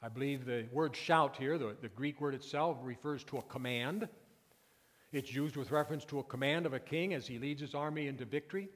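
A male pastor preaching a sermon, moving from quiet, intimate passages to loud, emphatic peaks. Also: mid-range voice, fairly quick. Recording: long reverb of a church hall.

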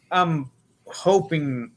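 A man co-hosting a casual horror podcast, rambling and swearing freely as he talks comics and tries mock accents. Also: on the high side. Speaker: podcast co-host. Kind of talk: casual comedic chat.

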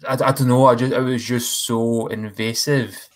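A man in casual chat, animated and rambling, often breaking off and restarting. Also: medium pitch, normal speed, few pauses. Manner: animated, rambling, self-interrupting.

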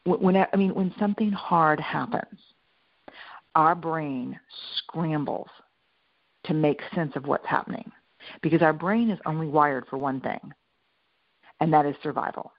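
A middle-aged woman researcher giving a keynote talk, a lively storyteller who stresses her points by repeating them. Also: deep voice, unhurried, long pauses, dry recording, dull audio. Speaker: speaker and researcher.

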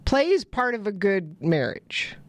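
A woman's voice: medium pitch, big pitch swings, measured pace, dry recording. A woman co-hosting a casual family chat, telling stories and laughing often. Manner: chatty storyteller, laughs often. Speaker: podcast co-host.

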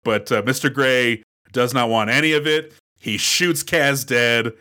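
A man co-hosting a casual movie podcast, recapping the plot in an animated way with acted quotes. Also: medium pitch, unhurried, smooth. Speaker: podcast co-host.

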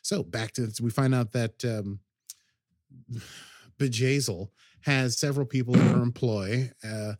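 A man's voice: medium pitch, slow pace, darkish tone, no echo, clean studio sound. A man hosting a podcast, recapping an episode in casual chat, rambling and hesitant with many ums and restarts. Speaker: podcast host.

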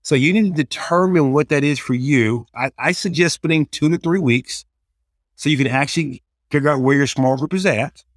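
In a clean, dry studio recording, a fairly high-pitched man speaks at normal speed, casually sharing sincere, hands-on tips for running a small group as a youth ministry leader, voicing the prayers and children he quotes.

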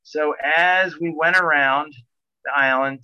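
A middle-aged man telling a long boating story in a rambling, animated way, full of restarts. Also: fairly high pitch, slow, smooth, no echo, lo-fi sound. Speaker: guest telling a sailing story. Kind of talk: casual storytelling.

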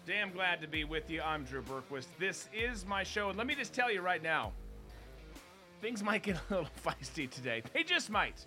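A man's voice: high voice, big pitch swings, moderate pace, sharp tone, faint music behind. A man hosting a casual political talk show, blunt and swearing, often laughing mid-sentence. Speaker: host.

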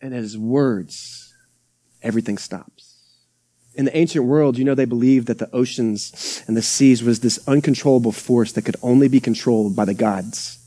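A man's voice: mid-range voice, normal speed, dark tone. A young adult man, a pastor preaching a conversational sermon with acted-out quotes and asides. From Texas. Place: church sanctuary.

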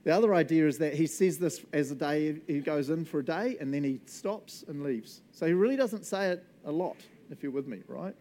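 A man giving a casual, animated sermon, laughing often and acting out voices. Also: on the high side, fairly quick, hardly any pauses. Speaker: preacher.

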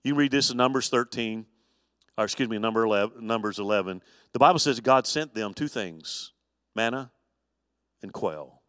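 A man's voice: medium pitch, clean tone, dry recording, clean studio sound, big-room sound. Folksy pastor man teaching Bible study. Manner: folksy, animated storytelling with humor.

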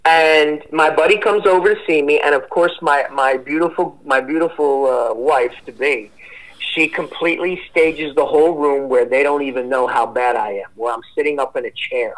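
A man in his forties tells a long story as a podcast guest. His voice is bright and forceful, sitting a little high. He rambles and swears freely in an animated, casual way. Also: normal speed, low-quality recording.

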